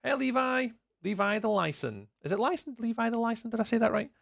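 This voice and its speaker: A man's voice: very high-pitched, expressive, brisk, vocal fry, no echo, clean studio sound. A Scottish man chatting casually through a live gameplay stream, greeting viewers by name as he talks. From Scotland. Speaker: livestreamer.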